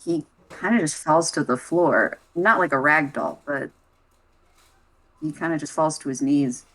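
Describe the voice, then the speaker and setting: A woman narrating as game master in a tabletop game, slow and calm. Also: low voice, low-quality recording.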